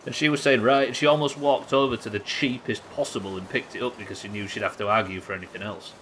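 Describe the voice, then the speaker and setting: A man's voice: medium pitch, fairly even intonation, quick pace, noisy background. A man with a Yorkshire accent, chatting casually and swearing freely while streaming a game to his viewers. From Yorkshire, England. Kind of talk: casual live-stream gameplay chat.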